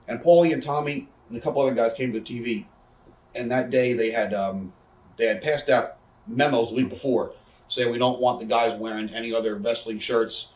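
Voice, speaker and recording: A man's voice: medium pitch, darkish tone, far from the mic. A man, telling rambling, profane backstage stories in a casual interview. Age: 30s. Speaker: interview guest, wrestler. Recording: echoey room, off-mic.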